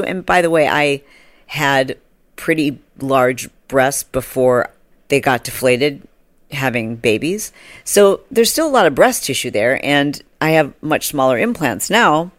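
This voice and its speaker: A woman in her forties hosting a podcast, telling a funny story in a casual way and acting out other people in a high voice, with laughs along the way. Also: no echo. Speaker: podcast host.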